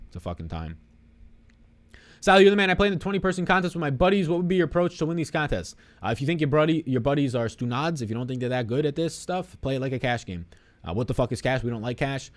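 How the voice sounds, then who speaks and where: A man's voice: lowish voice, a little mellow. A young man hosting a live stream, casually answering chat questions in a rambling, swearing, off-the-cuff way.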